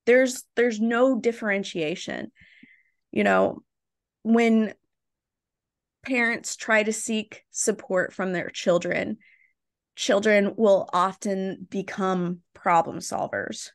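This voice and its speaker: A young adult woman speaks as a podcast guest, open and animated as she recounts her story. Her voice sits at an everyday middle pitch. She keeps checking in with "right?" and filling with "like". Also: slow pace. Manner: animated, tags points with "right?" and "like". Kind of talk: candid storytelling in a podcast conversation.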